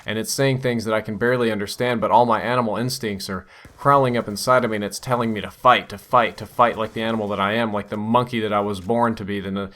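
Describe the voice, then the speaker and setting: A man's voice: lowish voice, steady tone, fast, few pauses, fairly bright tone. A young man telling a strange dream over gameplay as a channel host, musing and wondering aloud.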